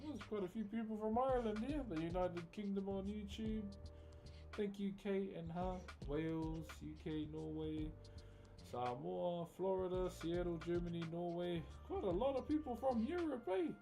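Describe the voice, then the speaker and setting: A relaxed young man with a New Zealand accent chats to his livestream audience through a headset, calling out names and places. His voice sits on the high side, and clear music plays in the background. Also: normal speed. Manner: relaxed, chatty, reads out chat. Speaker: live streamer. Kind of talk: casual livestream chat.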